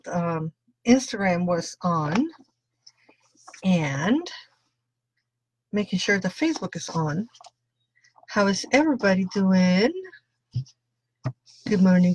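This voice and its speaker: A woman's voice: medium pitch, slight background noise. A woman tarot reader doing a chatty live-stream reading, greeting viewers by name and laughing often.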